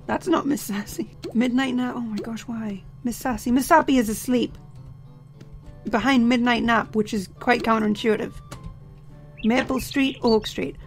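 A young man with a sore, tired voice, chatting jokily as he plays a game and sometimes shouting. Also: extremely high pitch, moderate pace, faint music behind. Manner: chatty, jokey, bursts into shouting. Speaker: let's play host. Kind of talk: casual gameplay commentary.

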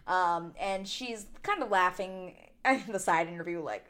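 A chatty woman with a somewhat low-pitched voice recaps a reality show with loud opinions. She talks casually, packs in fillers, and jumps high when she gets indignant. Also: unhurried. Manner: rises to high indignant exclamations. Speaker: TV recap vlogger.

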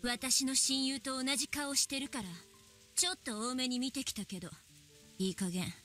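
A woman's voice: high-pitched, steady tone, fast, a bit bright, soft background music. An icy, witch-voiced girl. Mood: cold threatening. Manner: icy, dismissive, threatening. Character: cold, haughty girl with a witch-like adult voice. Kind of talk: dubbed visual novel voice acting.

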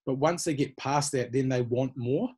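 A man's voice: mid-range voice, normal speed, a little mellow, breathy edge. A man, a personal trainer from New Zealand, giving easygoing, encouraging answers in an interview. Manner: encouraging, easygoing, many fillers.

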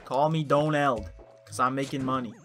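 A man's voice: medium pitch, steady tone, moderate pace, music in the background. A young man giving playful, hammy commentary while playing a life-sim game. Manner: playful, hammy trash talk. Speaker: let's play streamer. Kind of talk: gameplay commentary.

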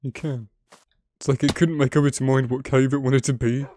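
A young man giving casual gameplay commentary, excitable and swearing often, chatting to his in-game animals. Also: medium pitch, moderate pace, slight background noise. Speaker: gaming video creator. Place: home editing room.

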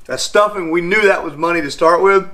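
A man's voice: high-pitched, a little fast, pushed and bright, slight background noise. A middle-aged man, hosting a cooking vlog in a home kitchen and talking straight to viewers in a folksy, upbeat way. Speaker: fishing channel host. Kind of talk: casual cooking vlog talk.

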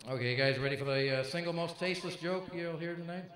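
A man doing stand-up, setting up his impressions with brisk, teasing patter to a live audience. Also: on the high side, noisy background. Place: comedy club stage. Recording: echoey club, mic at a distance.

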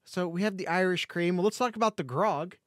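A man with a fairly high voice co-hosts a casual sports podcast and drifts through an ad read with jokes and restarts. The sound is dry and close, with no room around it. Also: fairly quick, fairly bright tone, no room sound. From Ohio. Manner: jokey, rambling ad read with restarts. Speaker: podcast co-host.

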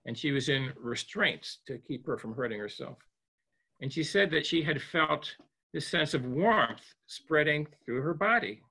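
A man as a psychologist guest in an interview, telling a story in a gentle, reflective way with frequent restarts. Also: on the high side, animated, unhurried, vocal fry, husky.

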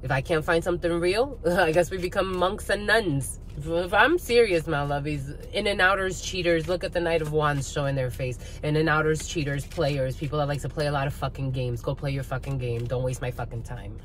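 A woman with a fairly low voice gives a tarot reading, blunt and heavy on swearing. She rants at her viewers and calls them "my lovies." Faint noise sits behind her. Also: fairly quick, hardly any pauses. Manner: blunt, profane, rants with laughs. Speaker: spiritual reader.

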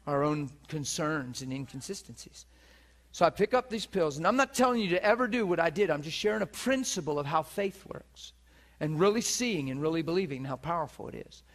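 Man, preacher, sermon, storytelling, animated, slightly high voice. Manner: animated, laughs at his own story, acts out the people in it. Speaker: preacher teaching on divine healing. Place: teaching session before a listening audience.

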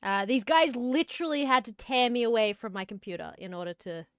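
A woman's voice: on the high side, fairly quick, a bit bright, clear, resonant tone, no room sound, studio quality. A woman hosting a livestream, chatting casually and giggling while she plays with friends and apologizes often. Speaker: streamer and host.

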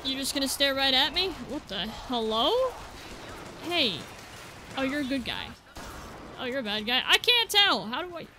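A woman's voice: sits high, very animated, normal speed, pauses often, bright, forceful tone, slight background noise. A woman playing a video game, chatting and joking at the characters on screen as she plays. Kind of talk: casual let's-play commentary. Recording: game music behind voice.

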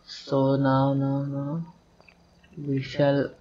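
A man's voice: medium pitch, completely flat delivery, extremely slow, darkish tone, muffled recording, slight background noise. A man gives casual commentary on a video game he is playing, rambling and talking to himself and to the characters on screen. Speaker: gameplay commentator. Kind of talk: casual let's-play commentary.

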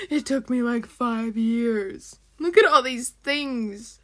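High bright excitable woman reacting. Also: slow pace. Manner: excitable, chatty, bursts into shrieks. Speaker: channel host. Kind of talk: reacting to a game video.

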